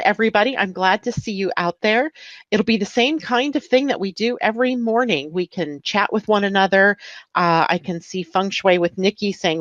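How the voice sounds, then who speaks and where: A woman's voice: fairly low pitch, no echo, lo-fi sound. A woman hosting a live chat show, upbeat and chatty, from the US West Coast. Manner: chatty, upbeat, laughs easily. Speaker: host. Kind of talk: casual live-stream chat.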